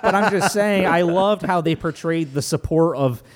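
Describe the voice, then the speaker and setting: A man casually recapping a movie as a podcast host, animated, joking and profane. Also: fairly high pitch, normal speed. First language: Italian heritage, speaks English.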